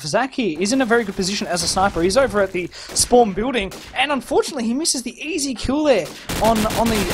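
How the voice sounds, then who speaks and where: A man doing live play-by-play commentary on a competitive shooter match, excitable and stumbling over repeated words. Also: sits high. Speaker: esports shoutcaster. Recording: noisy game audio underneath.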